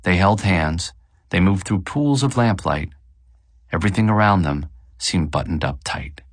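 A man narrating an audiobook in a measured, expressive reading. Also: low voice, dry recording. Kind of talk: scripted narration.

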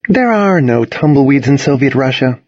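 A man voicing a sharp-tongued, witty teenage girl in a storybook reading. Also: rumbling low, lively intonation, moderate pace, no room sound, lo-fi sound, pitched above the performer's own voice. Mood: wry.

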